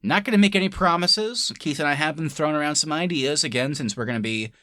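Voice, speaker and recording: A man's voice: a little high, quick pace, bright, forceful tone, no echo. A man co-hosting a podcast, chatting casually and laughing often as he retells scenes. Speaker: podcast co-host. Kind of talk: casual chat.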